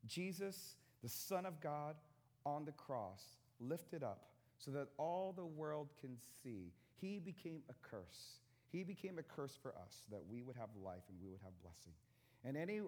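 Male pastor, 30s, lively sermon voice with big pitch swings, chatty and joking with the crowd. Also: moderate pace. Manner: conversational, joking with the congregation.

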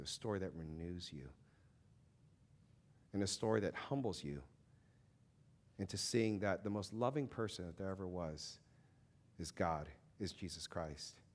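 Thirties male Christian speaker, casual and animated, swings pitch widely, lots of fillers. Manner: animated, conversational, with many fillers and acted-out quotes. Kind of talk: informal faith talk.

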